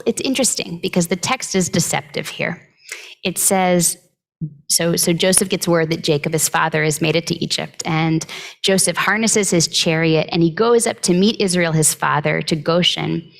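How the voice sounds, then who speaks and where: A woman delivers a conversational sermon in a lowish voice with a gravelly, creaky edge. She sounds reflective and unhurried, pausing often and reaching for words as she teaches. She is recorded on a close microphone. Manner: reflective, unhurried, with frequent pauses and filler words. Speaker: clergy giving the weekly Torah talk.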